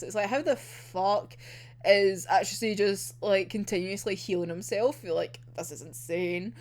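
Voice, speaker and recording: A woman giving an emotional, excitable casual recap of a manga volume, swearing and acting out characters' lines. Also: medium pitch. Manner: emotional, swearing, laughing and groaning over the story; acts out characters' lines in quick quoted asides. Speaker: manga reviewer.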